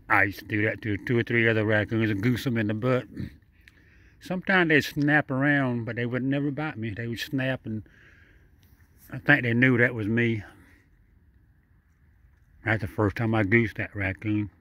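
A man's voice: mid-range voice, fairly even intonation, a little slow, pauses often, a bit bright, no room sound. A man giving casual running commentary while feeding a raccoon, talking straight to the animal in a chatty, repetitive way. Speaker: vlogger feeding a wild raccoon.

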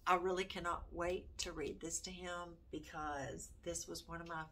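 A woman's voice: on the low side, flat delivery, normal speed, sharp tone, slight background noise. An older grandmother with a Southern accent, chatting folksily about homeschool books in a vlog. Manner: chatty, folksy, reads book titles aloud. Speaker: homeschooling vlogger. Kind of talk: casual chat to camera.

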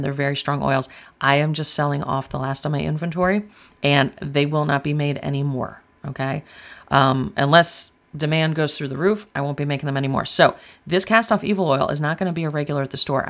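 A chatty woman runs a casual tarot reading, talking straight at her viewers. Her voice has a gravelly, creaky edge, and she is blunt and drops curse words without a second thought. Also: deep voice. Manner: chatty, blunt, swears freely. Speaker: tarot reader.

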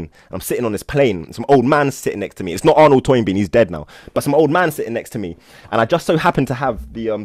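A man's voice: fairly low pitch, darkish tone, dry recording, clean studio sound. A man hosting a Buddhist study session, teaching and telling stories in an enthusiastic, rambling way with many restarts. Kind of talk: casual teaching and storytelling.

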